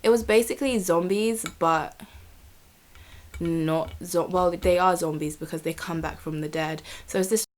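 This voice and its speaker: A woman's voice: fairly low pitch, steady tone, moderate pace. A young woman, chatting casually to camera in a rambling, swearing vlog. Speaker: vlogger.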